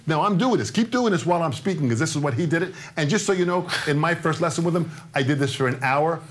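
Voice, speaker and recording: Man, 60s, drum instructor, fairly high-pitched, very lively intonation, coaxing, joking. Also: quick pace. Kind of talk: live-streamed drum lesson.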